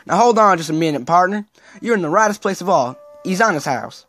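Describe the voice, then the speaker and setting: A man's voice: a little high, lively intonation, fairly quick, faint music behind. A man voicing a flamboyant, cheerful male archduke with a put-on southern drawl while reading game dialogue aloud. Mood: jovial. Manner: jolly, folksy, playful.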